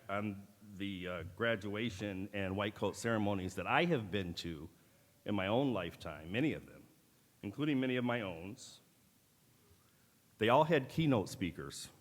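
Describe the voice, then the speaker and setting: Middle-aged male keynote speaker, lowish voice, deliberate with dry wit, long auditorium reverb. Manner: measured, deliberate delivery with wry asides. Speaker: keynote speaker at a medical school ceremony. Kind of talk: formal ceremonial speech with dry humor. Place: large auditorium.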